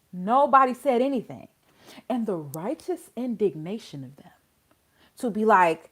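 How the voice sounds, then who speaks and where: A woman's voice: medium pitch, animated, unhurried. A woman hosting a casual legal commentary channel, exasperated and full of rhetorical questions.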